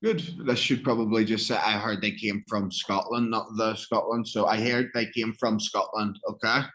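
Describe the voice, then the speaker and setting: A man teaches an English lesson, explaining phrases, reading practice dialogue, and often checking that his student follows along in an encouraging way. His voice is on the low side and a bit bright, with a steady tone at normal speed. The recording is rough.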